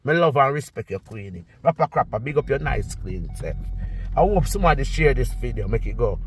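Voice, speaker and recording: A man in his sixties with a Jamaican accent, ranting and scolding in a repetitive vlog monologue, swinging between loud outbursts and low muttering. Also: big pitch swings, fairly quick, soft background music. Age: 60s. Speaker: vlogger. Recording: street traffic noise behind. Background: passing cars.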